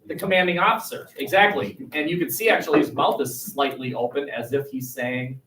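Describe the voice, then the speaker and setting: A man teaching a history class, leading a discussion with students and telling jokes with lively voices. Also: medium pitch, fairly quick, far from the mic, slight background noise, rough recording. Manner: animated, acts out a joke with big voices.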